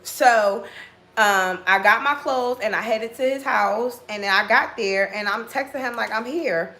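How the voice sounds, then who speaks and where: Animated, bright-voiced woman telling a story. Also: a little high, measured pace. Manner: blunt, profane, animated retelling with quoted dialogue. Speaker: tarot reader telling a dating story. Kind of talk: casual storytime vlog.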